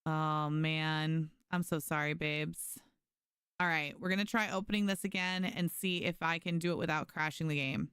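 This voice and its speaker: A woman's voice: low-pitched, fairly even intonation, normal speed, a bit bright, smooth, no echo, studio quality. A woman streaming a game live, chatting casually with viewers and thanking them by name. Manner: frequent restarts and fillers. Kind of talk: casual live gameplay commentary.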